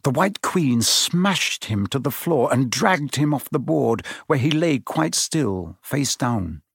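A man reads a storybook aloud in an even, measured way at a middle pitch. The recording is dry and close, with no room around the voice. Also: vocal fry, husky, no room sound. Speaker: audiobook narrator. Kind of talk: storybook narration.

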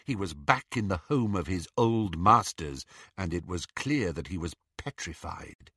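A man narrating an audiobook in an expressive, measured way. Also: low voice, husky, no room sound, clean studio sound.

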